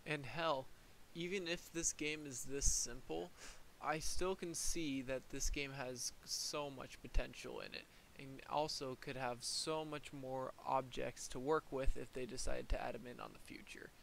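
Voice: medium pitch, fairly even intonation, unhurried, gravelly, fairly bright tone, a little hiss or hum, rough recording. A young adult game reviewer talking casually and swearing freely while giving a gameplay review.

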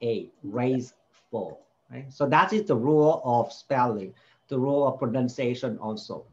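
A man's voice: mid-range voice, measured pace, a little mellow, lo-fi sound. A man tutoring a child in spelling, patiently repeating each word and sounding out its vowels. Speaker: home tutor.

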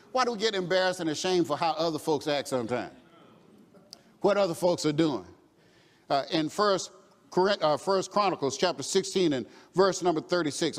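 A man with a high voice preaches a sermon in call-and-response style. At times he rises to a shout or a chanted refrain. The voice rings with long reverb in a church hall.

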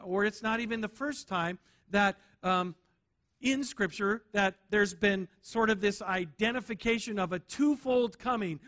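Bright high-voiced male preacher. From United States. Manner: emphatic preaching, repeats key words for stress; rhetorical "right?" checks with the congregation. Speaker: pastor. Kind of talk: sermon.

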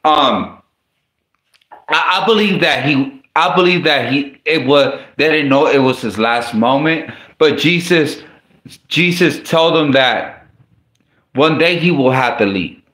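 A man talks through a sermon in a loose, conversational way, full of restarts and slang asides. His voice sits fairly high. The sound carries a roomy echo. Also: slow pace, a bit bright. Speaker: preacher. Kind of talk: casual sermon.

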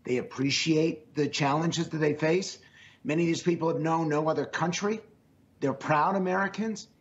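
A man's voice: fairly high pitch, moderate pace, highs cut off. Earnest man with a strained voice. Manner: earnest, emphatic, repeats phrases. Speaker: pollster guest. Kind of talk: remote interview answers.

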